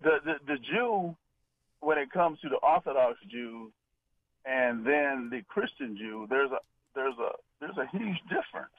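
Halting male caller on a phone line. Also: medium pitch, very animated. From Florida. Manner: halting, repeats words.

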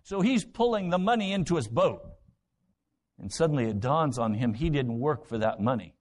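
A man's voice: mid-range voice, lively intonation, moderate pace, a little mellow. A man preaching a sermon, retelling Bible stories with dramatic voices and rhetorical questions. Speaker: pastor.

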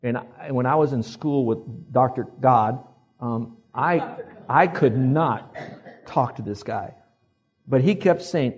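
An older man, a pastor, preaching a lively sermon and acting out the voices he quotes. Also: mid-range voice, slow, husky, faint music behind. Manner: animated, acts out quoted voices, asks the congregation to repeat.

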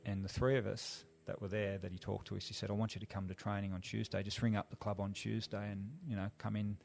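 Australian man, guest, low gravelly voice, animated storyteller. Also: fast, slight background noise. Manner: animated, acts out quoted dialogue. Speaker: guest, former rugby league player. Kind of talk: casual storytelling.

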